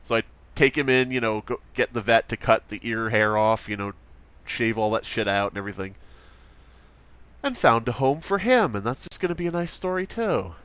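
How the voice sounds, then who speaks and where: A man hosting a let's play, telling stories in casual chat, animated and swearing freely. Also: medium pitch, normal speed, clean tone, dry recording. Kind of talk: casual chat while gaming.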